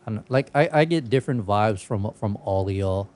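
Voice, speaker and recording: A man's voice: on the low side, lively intonation, brisk, a little mellow. A man hosting a podcast in casual chat, telling stories with lots of swearing and laughter. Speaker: podcast host.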